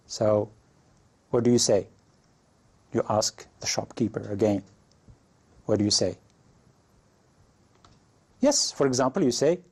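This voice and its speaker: A man teaching an English class reads example situations slowly and asks learners how they would reply, leaving long pauses. Very animated, his medium-pitched voice is husky and a little mellow.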